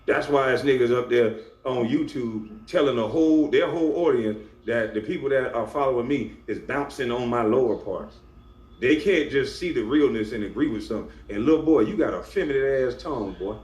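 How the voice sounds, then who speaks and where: A YouTuber with a medium-pitched, darkish voice delivers a confrontational, scolding rant to camera at a fairly quick clip, hammering his points with emphasis. The room is echoey, with a faint hum in the background.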